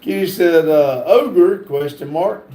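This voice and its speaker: In an echoey room, a drawling man hosts a casual livestream, reading viewer comments aloud and pausing on lots of fillers. His voice is fairly high, mellow and unhurried.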